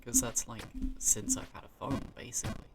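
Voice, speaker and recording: A man's voice: mid-range voice, steady tone, fairly quick, loud music behind the voice. Young British man, rambling and sweary. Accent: British English. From Britain. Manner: sweary, rambling, self-correcting, drops into muttered asides. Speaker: vlogger. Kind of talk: rambling solo chat.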